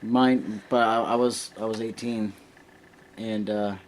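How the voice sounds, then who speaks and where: A man's voice: fairly low pitch, fairly even intonation, takes it slowly, a little hiss or hum. A man in his thirties chatting casually at home, laid-back, swearing freely and telling rambling stories. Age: 30s. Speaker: co-host. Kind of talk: casual chat.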